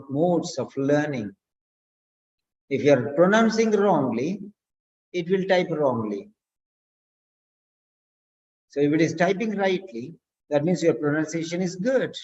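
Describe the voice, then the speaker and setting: Brief: unhurried teacher drilling phrases, animated pitch, muffled sound. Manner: slow, deliberate, repeats key words. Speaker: language teacher. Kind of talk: instructional lesson. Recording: dull lo-fi recording.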